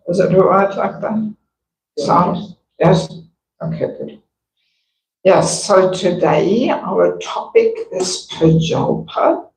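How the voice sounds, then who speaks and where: An older woman with a croaky voice, giving a slow, earnest devotional class in a temple hall. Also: on the low side, a little mellow, slight background noise. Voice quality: croaky, gravelly voice. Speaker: temple speaker.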